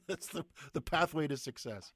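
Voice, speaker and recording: A man's voice: a little high, a bit bright, breathy edge, no echo. A man hosting a radio interview, asking questions with lots of hesitation and fillers. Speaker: radio host.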